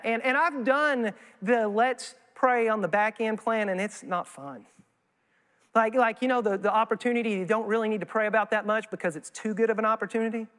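A man preaching as a guest speaker, folksy and animated, telling stories and acting out quoted voices. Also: high voice. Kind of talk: sermon. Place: church sanctuary. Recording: long church hall reverb.

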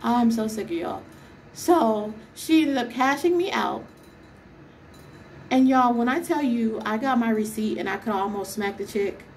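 A woman's voice: on the high side, a little slow, a little hiss or hum. Exasperated young woman ranting. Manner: exasperated, emphatic, fires off rhetorical questions. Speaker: vlogger. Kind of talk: casual storytime rant.

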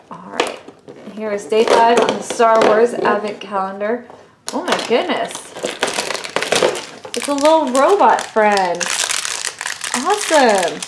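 A woman's voice: a little high, noisy background. A woman, hosting a toy unboxing and gushing cheerfully over small toys. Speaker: toy channel host.

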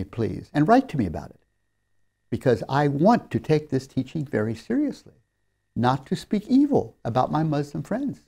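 A man's voice: medium pitch, gravelly, breathy edge. A man giving a recorded seminary lecture, telling stories in an earnest, emphatic way. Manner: earnest storyteller, warmly emphatic on key lines.

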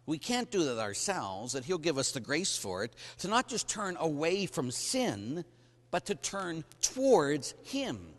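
A middle-aged male priest preaches with a fairly high voice that swings widely up and down, hammering his points with sudden loud bursts. His sermon rings with long reverberation through a large hall. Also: wildly swooping pitch, a little slow. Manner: emphatic, acts out stories with bursts of loud emphasis. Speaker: Catholic priest. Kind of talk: sermon to men.

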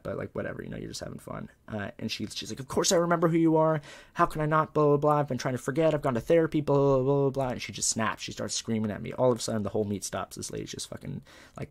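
A man's voice: fairly low pitch, creaky. A young male comedian telling loose, profane stories in a casual, rambling way. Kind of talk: casual storytelling interview.

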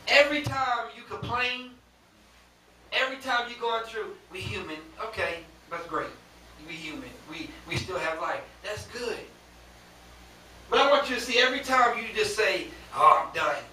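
A man preaching a sermon to a congregation that answers him, rising at times to shouts. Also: sits high, moderate pace. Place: church. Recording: echoey church, distant mic, faint hiss.

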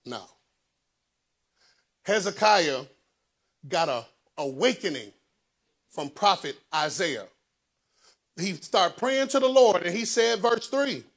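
Preacher, man, fairly high voice, surges loud then drops to a hush. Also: animated, slow pace, long pauses. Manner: preaching with sudden loud rises and low hushed asides. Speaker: pastor. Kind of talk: sermon.

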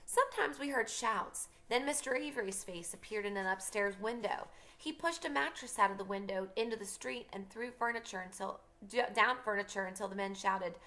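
Woman teacher, reading a novel aloud, bright voice, gravelly edge, pauses to explain. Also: mid-range voice. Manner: stops to explain passages to students.

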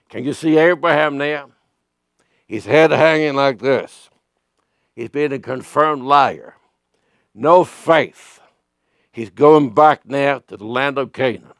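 Male pastor preaching, slightly high gravelly voice, slow delivery, plays out dialogue lines. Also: no room sound, clean studio sound. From Europe. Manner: acts out everyday dialogue in raised voices. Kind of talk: sermon.

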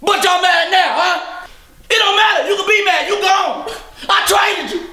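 A man impersonating a loud, cocky basketball star who trash-talks his teammates in a very high, bright voice with lively swings. He yells constantly, and the echo of a bare room rings around him. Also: moderate pace, exaggerated voice. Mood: angry. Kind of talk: comedy sketch. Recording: echoey room.

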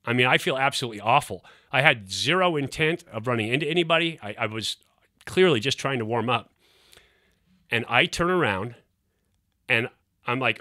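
A man's voice: medium pitch, moderate pace, no room sound, clean studio sound. A middle-aged man, a former quarterback hosting his show, telling a story casually and acting out the quotes. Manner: animated, acts out quotes.

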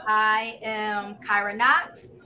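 Bright Philly-accented woman in her thirties. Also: mid-range voice, steady tone, drawn-out words, a little hiss or hum. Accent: Philadelphia. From Philadelphia. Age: 30s. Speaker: guest, producer and director. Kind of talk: interview storytelling.

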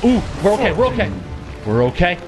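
A man giving let's play commentary, excitable, shouting and swearing at the screen as he plays. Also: sits high, brisk. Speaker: gaming channel host. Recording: game music playing under the voice.

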